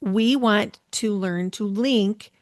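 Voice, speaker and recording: A woman's voice: medium pitch, slow pace, no echo. Middle-aged woman podcast host, mid-range voice, casual and self-mocking, close dry mic. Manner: chatty and self-deprecating, tells personal stories. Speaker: podcast host and intuition coach. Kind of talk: solo podcast teaching talk.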